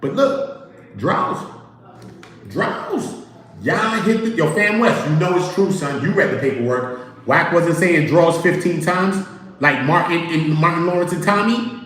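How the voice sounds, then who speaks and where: Heard through a very echoey, low-quality recording, this host speaks unhurriedly in a fairly high pitch. On his casual livestream he tells lively stories, performs quotes and addresses his chat.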